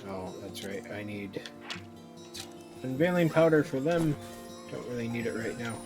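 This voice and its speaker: A man casually narrating his gameplay as a streamer, murmuring to himself in a relaxed way. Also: mid-range voice, unhurried. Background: game music.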